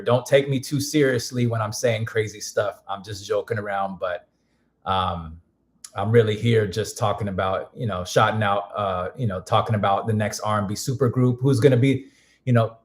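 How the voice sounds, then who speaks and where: A man with a hoarse voice chatting casually on a live stream. He rambles loosely, doubling back and restarting his sentences as he goes. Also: lowish voice. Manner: rambling, frequent restarts and fillers. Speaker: music producer streaming.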